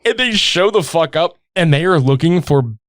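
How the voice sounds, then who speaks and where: Animated, profane man on a podcast. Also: a little high, normal speed, no room sound, studio quality. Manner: loose, profane, laughs often. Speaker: podcast co-host. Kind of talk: casual chat.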